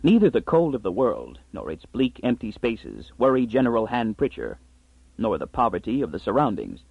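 A man reads a story aloud with a husky voice and lively, rising and falling pitch. The recording is dry and slightly muffled. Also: moderate pace, no room sound. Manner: expressive storytelling. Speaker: audiobook narrator. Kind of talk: scripted narration.

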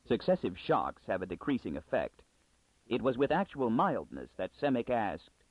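A man narrating an audiobook with an expressive, scripted reading. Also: moderate pace, slightly rough, no room sound. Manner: expressive reading with animated pitch. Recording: dry, phone-like narrow sound.

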